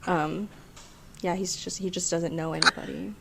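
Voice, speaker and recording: Low-voiced young woman posing scenarios. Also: fairly even intonation, moderate pace, creaky, bright, forceful tone. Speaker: podcast co-host. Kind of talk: casual chat.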